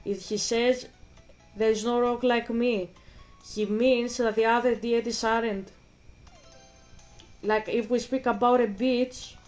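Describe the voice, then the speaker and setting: Brief: woman streamer, slightly high voice, rambling repetitive chat over a game, faint music behind. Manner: rambling, repeats herself, breaks off for game moves. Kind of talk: casual livestream chat while gaming.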